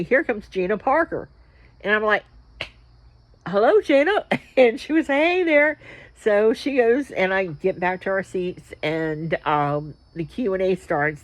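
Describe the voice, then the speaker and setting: A woman with a fairly low voice chats through a story, rambling and excited, tripping over her words and circling back. The sound is dry and close, with no room echo. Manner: chatty, rambling, excitable with fillers and restarts. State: about to sneeze. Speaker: wrestling vlog host. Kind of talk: casual storytelling vlog.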